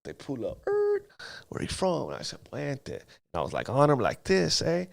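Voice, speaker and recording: Gravelly man telling street stories. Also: medium pitch, wildly swooping pitch, normal speed, no echo. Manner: street slang, storytelling with sound effects. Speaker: guest telling his life story. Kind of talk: casual testimony interview.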